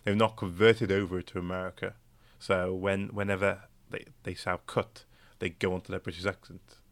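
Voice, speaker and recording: A man's voice: low-pitched, little pitch movement, normal speed, vocal fry, no echo. A young man co-hosting a podcast, chatting casually and rambling with many fillers and restarts. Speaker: podcast co-host. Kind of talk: casual chat.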